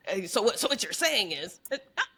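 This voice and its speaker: A woman's voice: mid-range voice, big pitch swings, a little fast, pushed and bright, slightly rough. A woman guest on a podcast, speaking earnestly in long, run-on explanations in casual conversation.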